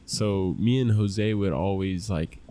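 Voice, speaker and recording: Male podcast guest, lower voice, easygoing and foul-mouthed storyteller. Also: slow, dark tone, a little hiss or hum. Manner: laid-back, profane, laughing storyteller. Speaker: guest boxer. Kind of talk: casual storytelling chat.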